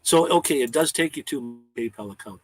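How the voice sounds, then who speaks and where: A man's voice: medium pitch, expressive, a little fast, low-quality recording. A man hosting a casual live-stream chat, talking in a rambling, heartfelt way with frequent restarts and stammers.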